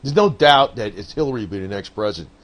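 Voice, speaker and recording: A man's voice: on the low side, animated, fast talker. A man talking politics in a casual, rambling monologue, swearing and laughing often and calling the listener "man.". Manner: rambling, profane, laughs often, frequent "man" and "I don't know". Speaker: political commentator.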